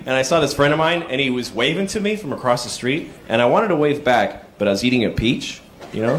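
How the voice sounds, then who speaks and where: A man doing a stand-up comedy set, telling stories and acting out people in sudden high yelps. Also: noisy background. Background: audience laughter.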